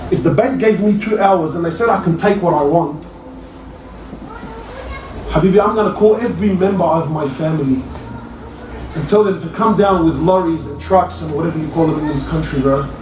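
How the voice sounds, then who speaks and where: A male preacher giving an animated sermon to a crowd, often rising to near-shouts and calling listeners brother. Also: on the high side, normal speed, background noise. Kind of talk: passionate sermon. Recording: echoey hall, mic at a distance.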